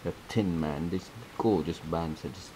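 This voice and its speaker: Low, mellow-voiced man teaching a craft. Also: measured pace, a little hiss or hum, rough recording. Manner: chatty, laughs often, repeats instructions. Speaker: craft tutorial host. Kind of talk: casual step-by-step craft tutorial.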